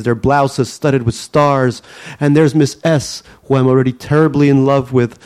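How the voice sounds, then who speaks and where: A man's voice: medium pitch, darkish tone. A man from the Soviet Union reading his memoir aloud to a live audience, with a wry, self-mocking delivery. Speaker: storyteller.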